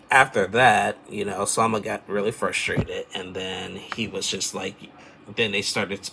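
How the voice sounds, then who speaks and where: Male recap host, very low and gravelly, loose chatty delivery, faint hiss behind. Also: pushed and bright. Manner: rambling, chatty, loose filler-heavy storytelling. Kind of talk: casual recap chat.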